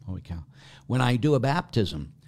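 A man's voice: medium pitch, sing-song, normal speed, darkish tone. A middle-aged man, a Catholic priest, teaching about faith in a loose, conversational way, drifting into tangents and tossing rhetorical questions at his listeners. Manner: rambling, goes off on tangents, asks listeners rhetorical asides.

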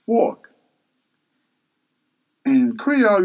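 Male language teacher, slightly high, husky voice; slow, patient drilling of each word. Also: very animated, poor audio. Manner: patient, repeats words slowly for learners; self-correcting and spelling words out. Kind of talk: vocabulary lesson, repeating each word.

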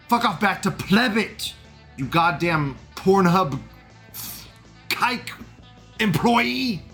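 Sarcastic man with a bright voice. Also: on the high side. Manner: sarcastic and crude. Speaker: host. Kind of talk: casual commentary on forum threads.

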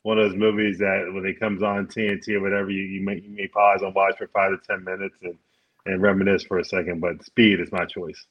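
A man's voice: low-pitched, flat delivery, brisk, highs cut off. A man chatting on a podcast in a hesitant way, filling his sentences with "you know" and "uh". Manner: hesitant, many fillers. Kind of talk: casual podcast chat.

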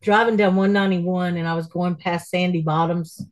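A woman's voice: on the low side, fairly even intonation, moderate pace, low-quality recording. A woman chatting casually as a podcast co-host, caring and rambling. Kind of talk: casual chat.

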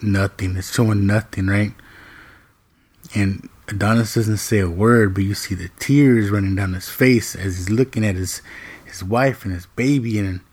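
Male, husky voice, casual movie recap, animated and profane storytelling. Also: lowish voice. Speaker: movie reviewer.

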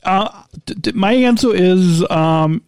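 This podcast co-host speaks slowly with a darkish, clear, resonant voice, reading listener questions in a high, sing-song radio style that feels playful and casual. The studio sound is clean, with no room noise at all.

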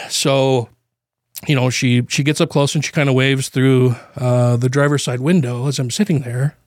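Grieving male podcast co-host, mid-pitched, halting fillers, nervous laughs, dry close mic. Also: steady tone, dry recording. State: grieving, voice near tears. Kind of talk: casual storytelling chat.

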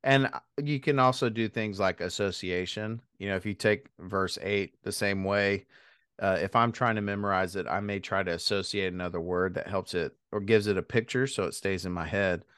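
Smooth, resonant low-voiced man. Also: fairly bright tone, no room sound, studio quality. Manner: thoughtful, measured, chuckles lightly. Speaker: podcast co-host. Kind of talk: casual Bible discussion.

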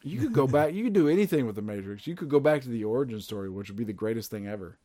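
A man in casual chat, ranting about films, swearing and doing loud mocking impressions. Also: medium pitch, animated, very fast.

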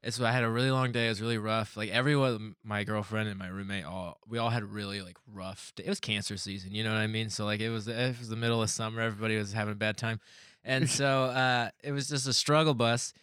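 A man's voice: fairly low pitch, fairly even intonation, quick pace, fairly bright tone, smooth, no room sound, studio quality. A man telling rambling neighborhood stories in casual podcast chat, swearing often and laughing as he talks.

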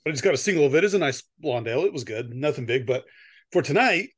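A middle-aged man with a fairly high voice, talking casually on a close podcast mic. He rambles, restarts his sentences and laughs often. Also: expressive, fast talker, fairly bright tone, breathy edge, no echo. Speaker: podcast co-host. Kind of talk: casual chat and story reading.

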